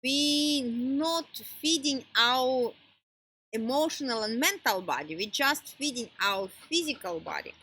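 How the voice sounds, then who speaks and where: A woman gives a wellness lesson at an unhurried pace, with a bright, breathy tone. She speaks non-native English phrasing and often stops mid-sentence to search for a word. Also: high-pitched, lively intonation, rough recording. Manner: halting, pauses to search for words. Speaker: wellness teacher. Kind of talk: informal teaching talk.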